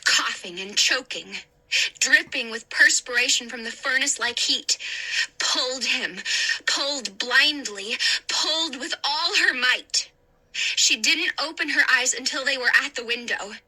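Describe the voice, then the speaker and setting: A woman reads a spooky chapter book aloud in a deliberate, dramatic way. Her voice sits high and sounds crisp and bright. She takes her time over every line. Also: low-quality recording. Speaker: narrator. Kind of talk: audiobook reading.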